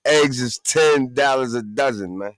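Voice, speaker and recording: A man hosts a live show alone in his basement and chats in a laid-back, slangy way, often laughing. His voice is mid-pitched, and the sound is dry and close. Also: unhurried, no echo. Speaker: host. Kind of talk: casual live-stream chat.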